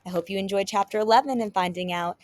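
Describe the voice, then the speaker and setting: A woman teacher reading a children's chapter book aloud with expressive storytelling. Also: mid-range voice, fast talker.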